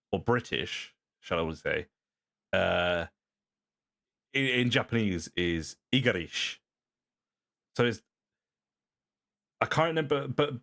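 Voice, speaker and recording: A man's voice: medium pitch, a bit bright. Rambling man reacting to a video. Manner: rambling, repeats words, says "bro". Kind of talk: casual reaction commentary.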